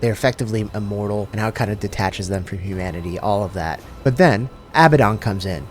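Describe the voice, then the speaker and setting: A man's voice: lowish voice, fast, a little hiss or hum. A man casually retelling a story, with slangy, profane, joking asides. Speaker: lore channel host. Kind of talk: casual comedic lore summary.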